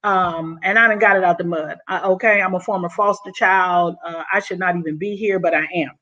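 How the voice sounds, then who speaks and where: A woman's voice: on the low side, a little fast. Breathless, effusive woman vlogger, lo-fi sound. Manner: excited, effusive, says "honey" often. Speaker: YouTube vlogger. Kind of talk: casual vlog monologue.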